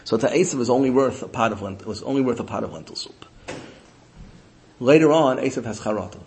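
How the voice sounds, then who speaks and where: A man teaching a Torah lesson, telling a story with lively voices and mixing in Hebrew and Yiddish terms. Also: medium pitch, quick pace, a little hiss or hum.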